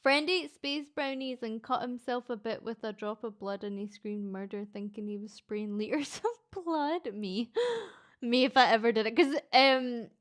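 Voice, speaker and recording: A Scottish woman chatting casually on a live stream as she reads chat, playful and quick to laugh, with the odd swear word. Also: on the high side. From Scotland. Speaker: VTuber streamer reading chat.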